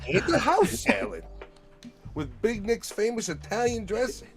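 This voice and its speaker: A man's voice: high voice, big pitch swings, a little slow, creaky, over music, pitched above the performer's own voice, exaggerated voice. A man putting on the voice of a boisterous pizza shop owner who hard-sells his deals. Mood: hard-selling. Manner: loud, hard-selling.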